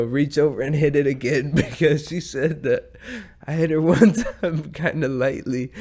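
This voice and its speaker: A man hosts a casual podcast and tells a long story. He talks slowly and unhurried, rambling and swearing freely, and keeps chuckling at himself as he goes. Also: medium pitch, a little mellow. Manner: profane, rambling, chuckling through his own story. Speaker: podcast host.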